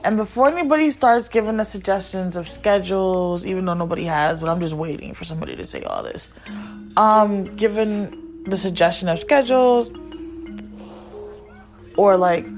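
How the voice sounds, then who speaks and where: This mother and podcast host has a medium-pitched, slightly mellow voice. Her talk is an open, wandering ramble to listeners, interrupted occasionally when her kids need her.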